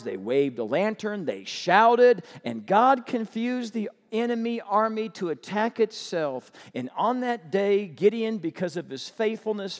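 A man preaching a sermon as pastor, animated and humorous, firing rhetorical questions at the congregation. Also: high voice, long reverb tail.

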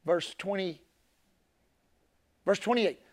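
A male pastor preaches slowly but with intensity, repeating his key phrases. His delivery swings from shouted emphasis to soft, low asides.

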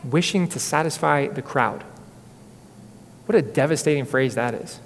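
Earnest pastor preaching in an echoey hall. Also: male voice, mid-range voice, normal speed, slight background noise. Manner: earnest, dramatic storytelling. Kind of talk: sermon.

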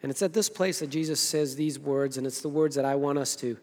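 A pastor preaching in an echoing hall. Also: male voice, mid-range voice, fairly quick. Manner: lively storytelling, acts out the characters' lines. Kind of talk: sermon.

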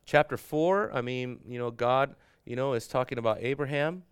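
A man's voice: medium pitch, normal speed, clean tone, no room sound, clean studio sound. A man teaching theology to a classroom, talking conversationally with frequent fillers and rhetorical questions. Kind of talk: classroom lecture.

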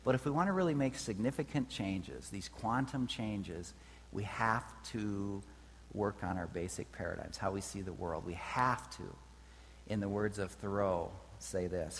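A man's voice: fairly low pitch, measured pace. A man preaching a sermon in a conversational way, often checking in with his listeners. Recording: reverberant hall with faint hum.

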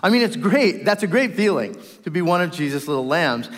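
A middle-aged man preaches a sermon to a live congregation. His voice is high and very animated, and it leaps up and down as he acts out the quoted voices. It is recorded in a large church hall with a long, ringing reverb. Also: brisk. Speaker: pastor.

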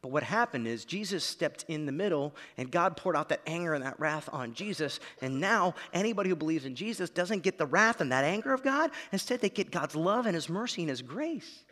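Man, pastor, sermon, dramatic loud-soft swings, bright tone, reverberant hall. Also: fairly high pitch, animated, a little fast, few pauses. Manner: dramatic, swings from quiet to shouting. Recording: long reverb of a large hall.

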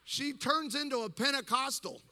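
A man's voice: extremely high pitch, normal speed, in a large hall. A man preaching to a congregation, telling a funny story and acting out the people in it. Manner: animated, acts out the people in his story. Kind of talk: humorous storytelling sermon.

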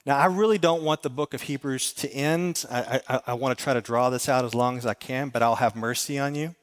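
A man's voice: medium pitch, fairly quick. A middle-aged man giving an earnest sermon as a pastor, telling stories and repeating phrases. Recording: long hall reverb.

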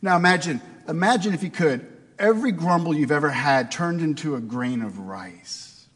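A man's voice: fairly high pitch, expressive, normal speed, long reverb tail. A man preaching a sermon in a conversational way, asking his listeners rhetorical questions. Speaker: pastor.

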